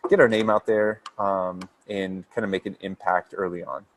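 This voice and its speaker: Earnest low-voiced man, flat and steady. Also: moderate pace, a little hiss or hum. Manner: earnest, steady, with frequent ums and restarts. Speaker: pastor starting a new church campus. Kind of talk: casual podcast interview.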